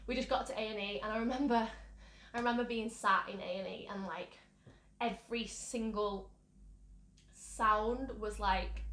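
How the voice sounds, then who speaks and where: A young woman from the UK, a mental health vlogger, speaks at medium pitch with a slightly bright tone. She candidly recounts a personal story, rambling with plenty of fillers, and the recording carries a roomy echo.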